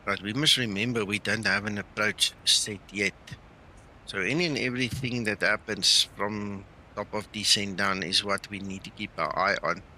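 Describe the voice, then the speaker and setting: A man's voice: fairly low pitch, steady tone, moderate pace, pushed and bright, a little hiss or hum, poor audio. A man casually chatting on a flight simulator live stream, thinking aloud as he flies and talking with people on the call.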